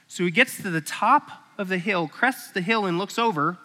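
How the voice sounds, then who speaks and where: A man's voice: high-pitched, fairly quick, few pauses. A man preaching a sermon, animatedly acting out a story before teaching. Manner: animated, acts out stories. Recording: echoey hall.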